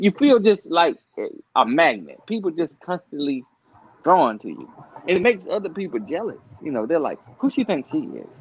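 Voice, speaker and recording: This is a man hosting a casual chat, his voice gravelly with vocal fry and pitched a touch high. His talk is loose and frank, scattered with filler and swearing, and it comes through a dull lo-fi recording. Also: a little mellow. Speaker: host.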